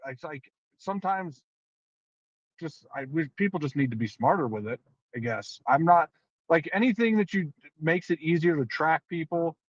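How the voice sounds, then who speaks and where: A man's voice: mid-range voice, no echo. Hesitant man on a dull, dry mic. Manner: hesitant, filler-heavy opinions. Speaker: panelist. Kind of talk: casual livestream chat.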